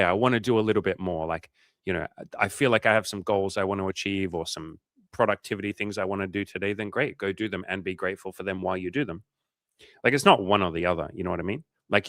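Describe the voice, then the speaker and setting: Guy, young, low-pitched and dry-miked; loose, sweary livestream coach chatting to viewers. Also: fairly bright tone, dry recording. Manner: casual, swears freely, lots of filler "like". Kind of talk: casual livestream chat reading comments.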